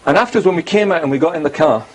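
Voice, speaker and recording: A man's voice: on the high side, very fast, slight background noise, rough recording. A man hosting a religious talk show, speaking earnestly and stressing points by repeating them. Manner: earnest, storytelling with repeated emphasis.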